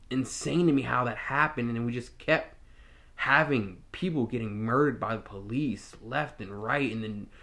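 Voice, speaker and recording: A man's voice: medium pitch, fairly bright tone. A young man, a former corrections officer, telling his own story in a candid, reflective way, often restarting his sentences. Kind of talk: personal storytelling monologue.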